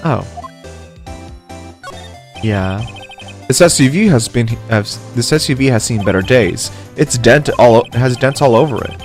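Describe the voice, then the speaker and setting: A man's voice: medium pitch, expressive, a little slow, pauses often, soft background music. A man streaming a game, chatting casually, swearing and poking fun at himself while reading aloud. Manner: casual, swearing, self-mocking. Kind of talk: casual gameplay commentary.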